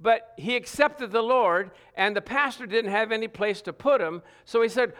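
A middle-aged man preaching a sermon, earnest, stressing scripture with repeated phrases and some halting restarts. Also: very high-pitched, a bit bright, clean tone. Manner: earnest, reads scripture aloud with emphatic repetition.

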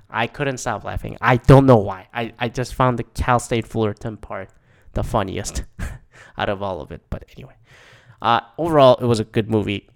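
A man's voice: mid-range voice, moderate pace, creaky. A man giving a casual, rambling movie review, swearing often and acting out his own reactions in quotes. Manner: profane, rambling, animated, mock-quoting his own reactions.

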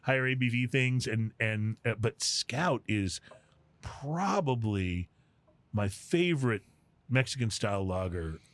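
A man hosts a relaxed drinks podcast, talking in a loose, rambling way full of fillers and restarts. His voice sits at a middling pitch and sounds close and dry, with no room echo. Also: a little slow. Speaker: podcast host. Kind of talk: casual chat.

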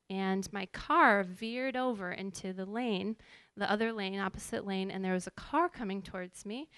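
A woman's voice: mid-range voice, a bit bright, clean tone, no echo. A woman worship pastor in her thirties telling a personal story in a casual, conversational way, full of fillers and asides. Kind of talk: personal testimony.

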